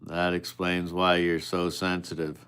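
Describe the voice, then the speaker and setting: A man's voice: low voice, completely flat delivery, a little slow, a bit bright, smooth. A man chatting casually with viewers on a live stream, teasing and swearing at them in an offhand way.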